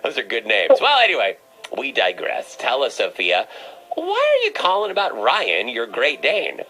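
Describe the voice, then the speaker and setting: A man hosting a comic call-in, his voice leaping all over the place as he teases his caller. He sounds bright and forward, stumbling over playful restarts and slipping into a mock-mystical pet-psychic act. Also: mid-range voice, wildly swooping pitch, normal speed, poor audio. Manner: playful, teasing, stammering restarts. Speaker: call-in show host. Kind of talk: comedic call-in chat.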